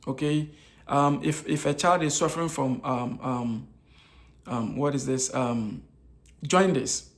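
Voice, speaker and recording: A man from Africa gives an informal health lecture on nutrition in a slow, mid-range voice. He poses rhetorical questions and answers them himself, repeating key points and phrases with many hesitation fillers.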